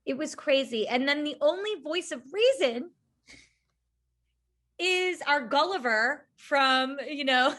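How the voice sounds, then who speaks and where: A woman's voice: high voice, lively intonation, slow, fairly bright tone. A woman co-hosting a casual podcast chat, talking in an emphatic, indignant way. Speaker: podcast co-host.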